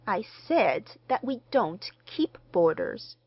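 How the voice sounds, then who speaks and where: A woman's voice: a little high, sing-song, slow pace, breathy edge, no echo, muffled recording, pitched above the performer's own voice, heavily acted. A woman reading the part of a stern middle-aged housewife who answers coldly and curtly. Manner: cold, curt, injured.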